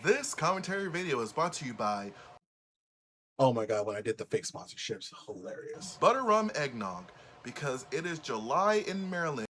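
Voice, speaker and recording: A man's voice: mid-range voice, sing-song, moderate pace, a bit bright, slight background noise, rough recording. A man hosting a reaction commentary channel, talking bluntly and indignantly with lots of fillers.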